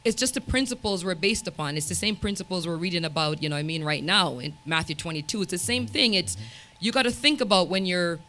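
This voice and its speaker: A woman's voice: fairly low pitch, animated, fast talker, bright, forceful tone, a little hiss or hum. A woman who serves as a church elder, talking thoughtfully in a group discussion and searching for words as she goes.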